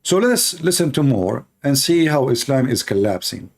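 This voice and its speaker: A man's voice: medium pitch, big pitch swings, normal speed, vocal fry. Sarcastic, emphatic male commentator. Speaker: channel host. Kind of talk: polemical commentary over clips.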